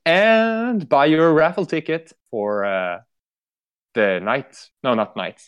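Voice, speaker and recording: A man's voice: a little high, slow, clear, resonant tone, dull audio. A man from Sweden with a Swedish accent, hosting a podcast in a rambling, profane casual chat full of fillers. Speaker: podcast host.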